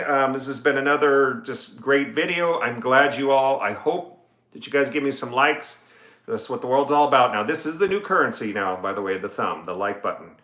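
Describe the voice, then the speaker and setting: A man, an attorney, talks casually on a livestream, reading legal text aloud and tossing in quips. His voice is bright and forward. The sound carries a noticeable room echo from his home music room. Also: medium pitch, moderate pace. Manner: chatty, reads legal text aloud then jokes about it.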